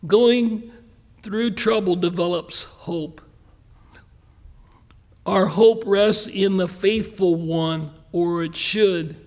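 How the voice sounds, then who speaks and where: A pastor preaching a sermon in a folksy, earnest way, slowing down to stress key lines and speeding through quick asides. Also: male voice, high-pitched, a little mellow.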